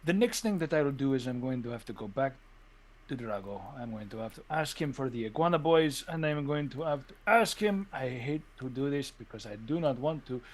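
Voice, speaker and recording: A man voicing a scheming male mafia sloth with a put-on mobster accent and a slow, menacing drawl in a tabletop role-play. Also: on the high side, lightly acted.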